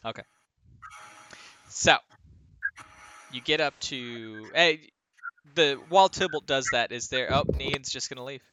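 A man narrating a tabletop game as game master, animated and laughing often. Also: medium pitch, unhurried, long pauses, smooth.

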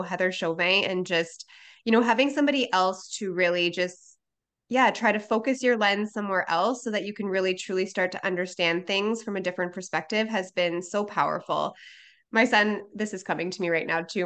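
A woman in her thirties hosts a podcast conversation. She talks chattily and candidly, with plenty of "you know" and "like". Her voice has a medium pitch. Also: a bit bright. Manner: chatty, candid, many fillers. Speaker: podcast host.

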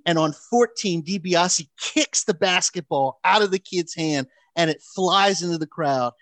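A man telling a long story in casual chat, animated, with frequent restarts and fillers. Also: fairly high pitch, no room sound.

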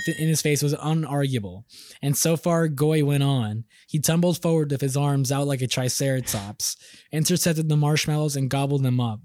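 A young man co-hosting a podcast, reading out a silly story in a deadpan way and breaking into laughter. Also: fairly high pitch, no room sound. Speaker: podcast co-host. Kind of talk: casual podcast chat, reading a comic story.

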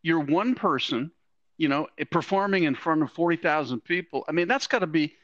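A man's voice: a little high, normal speed, fairly bright tone, no room sound, lo-fi sound. A male host asking a question in a conversational interview. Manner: conversational, laughs along.

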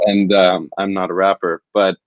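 Earnest, low-voiced male reporter. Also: flat delivery, normal speed, dry recording, narrow, tinny audio. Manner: earnest, reflective, rambling storyteller. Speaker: field reporter, interview guest. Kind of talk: conversational interview storytelling.

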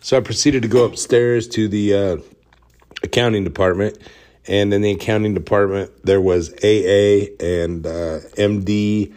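A man hosting a podcast, telling a deadpan workplace story in a casual, joking way and dropping into whispers to act out the scenes. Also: lowish voice, normal speed. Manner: deadpan, joking storyteller who drops into whispers when retelling. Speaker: podcast host.

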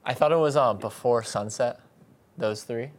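A young man in his twenties co-hosting a podcast, reacting quickly and laughing easily in casual chat. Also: mid-range voice. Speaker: podcast co-host.

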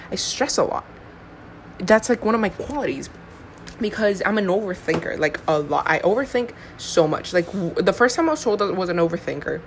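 A young Honduran woman hosts a solo podcast, chatting casually and rambling with lots of fillers and self-deprecating asides. Her voice is lowish and a bit bright, with a little hiss or hum in the audio.

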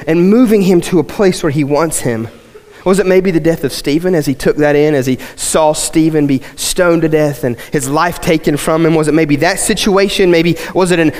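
A man preaching in a church sanctuary. He talks to the congregation like he's chatting, then builds into ringing repeated phrases. The sound carries a long hall reverb. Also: high voice. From West Virginia. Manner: conversational preaching that builds to impassioned, repetitive emphasis. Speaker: pastor. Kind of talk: sermon.

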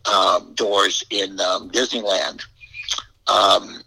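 A man's voice: deep voice, little pitch movement, very slow, gravelly, pushed and bright, breathy edge, low-quality recording. An older man telling a rambling personal story as an interview guest, repeating words and adding frank asides. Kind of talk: anecdotal storytelling.

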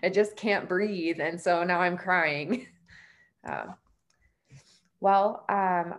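A woman's voice: lowish voice, drawn-out words. A woman hosting a podcast in a casual, chatty way, full of fillers and self-deprecating laughs. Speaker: podcast host.

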